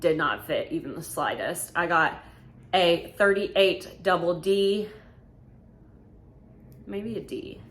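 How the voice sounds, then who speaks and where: A woman's voice: fairly low pitch, takes it slowly, pauses often. A woman, talking casually through a Q&A vlog, frank and full of fillers. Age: 20s. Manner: chatty, filler-heavy, frank. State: slightly out of breath. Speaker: vlogger.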